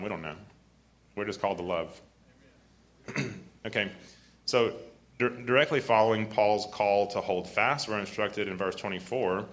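A man preaches a sermon in a deep, grumbly voice with a somewhat low pitch. He clears his throat often and restarts his sentences as he goes. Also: a bit bright.

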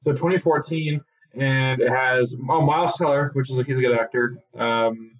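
A man's voice: mid-range voice, steady tone. Chatty man on a muffled podcast mic. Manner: chatty, quick to laugh, rambling. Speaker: podcast co-host. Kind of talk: casual movie chat.

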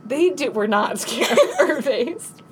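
A woman co-hosting a podcast, telling a story in casual chat, animated and laughing, acting out quotes in a high panicked voice. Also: slow pace, slight background noise. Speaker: podcast co-host.

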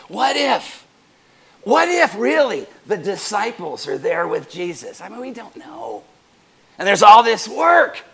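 A man pastor preaching a sermon to his congregation, animated and joking with them as he goes. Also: high voice, vocal fry, breathy edge.

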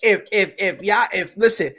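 A man's voice: sits high, normal speed, sharp tone. A man co-hosting a podcast, telling a story in a casual, slangy way and often repeating himself. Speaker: podcast co-host.

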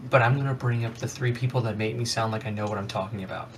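A man's voice: on the low side, steady tone, fast talker, background noise. A man co-hosting a casual podcast discussion, making wry, sarcastic asides. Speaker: podcast co-host.

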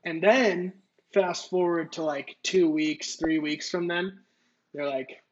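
A man's voice: fairly high pitch, fairly even intonation, takes it slowly, muffled recording. A man on a podcast telling a story in a casual, rambling way, swearing and using lots of filler words. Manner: rambling, profane, filler-heavy. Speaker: podcast co-host.

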